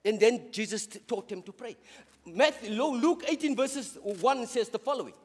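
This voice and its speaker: A South African man serving as a deacon preaches a sermon in a reverberant church hall. His voice is very high-pitched and husky, at a normal speed, and he speaks with passion, stumbling over and repeating words as he goes.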